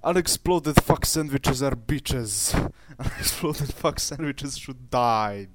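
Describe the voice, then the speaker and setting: A man voicing a crude ranter with a put-on Russian accent and deliberately broken English. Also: medium pitch, very noisy, natural voice. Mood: ranting.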